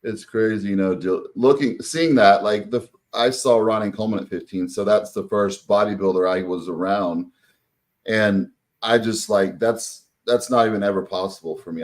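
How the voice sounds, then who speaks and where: A man hosting a casual interview, talking loosely with many fillers. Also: lowish voice. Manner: loose, filler-heavy, says "y'all". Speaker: host.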